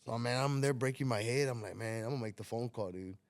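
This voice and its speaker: A man's voice: mid-range voice, quick pace, dry recording, studio quality. A man, hosting a casual talk show and telling a story, acting out the dialogue and swearing freely. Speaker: podcast host telling a story.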